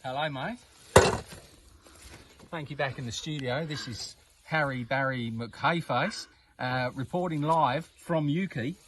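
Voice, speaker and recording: A man's voice: mid-range voice, measured pace, distant mic, noisy background, natural voice. A man putting on a bumbling field reporter for a livestream joke, playing with a muddled mix of Irish, Australian and Scottish accents. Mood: cheery mock-report. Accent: mixed Irish, Australian and Scottish put-on. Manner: cheery, playful, bumbling. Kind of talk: comic mock news report on a livestream.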